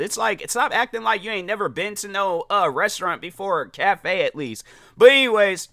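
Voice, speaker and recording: A man with a somewhat high, forceful and bright voice tells a casual story as a podcast host. He talks in an animated way, acting out each quoted voice and filling gaps with "like". The sound is dry and close, with no room echo. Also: moderate pace. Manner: animated, acts out quoted dialogue, many "like" fillers.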